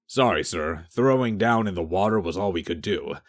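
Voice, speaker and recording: A man reading an audiobook, voicing a dim, literal-minded male sergeant in a low, soft, deadpan voice. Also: moderate pace.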